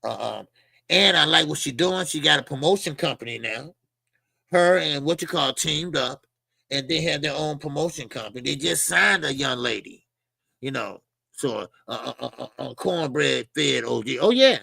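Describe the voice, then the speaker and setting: Gravelly, bright-voiced boxing commentator man. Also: on the high side, normal speed, no room sound. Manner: rambling, slangy, heavy with fillers and repeated words. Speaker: boxing channel host.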